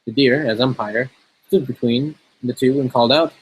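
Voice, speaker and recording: A man reads an old fairy tale aloud in a relaxed, steady manner. His voice is breathy and a little husky, at an ordinary middle pitch. It sounds like casual storytelling, not a polished performance. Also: moderate pace, rough recording.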